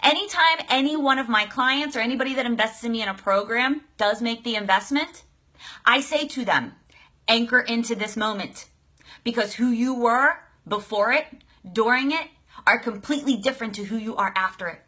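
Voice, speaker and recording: Bright, high-voiced woman life coach. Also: normal speed. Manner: energetic, exclaiming, casual swearing. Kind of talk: live-streamed coaching talk. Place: live video stream.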